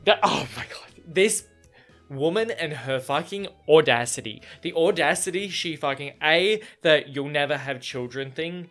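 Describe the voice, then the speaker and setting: A young man gives a casual reaction to a book he is reading, rambling and swearing in exasperation. His voice sits a little high for a man. Soft music plays faintly behind him. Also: animated, unhurried.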